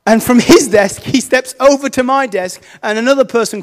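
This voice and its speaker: A vicar with a high voice tells a personal story from the pulpit, animated and self-mocking. His voice rings through a space with a long hall reverb. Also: normal speed, hardly any pauses. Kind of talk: storytelling sermon.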